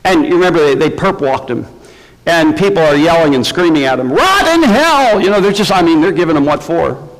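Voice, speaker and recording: A man preaching a sermon in an emphatic, animated way, often asking his listeners rhetorical questions. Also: fairly high pitch, fast, long reverb tail, poor audio.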